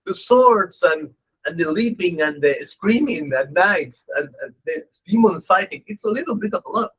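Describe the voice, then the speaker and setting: A man's voice: high voice, animated, moderate pace, a bit bright, husky, pitched above the performer's own voice, heavily acted, rough recording. A man voicing a group of timid students who hesitantly and apologetically plead with their teacher. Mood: sheepish pleading.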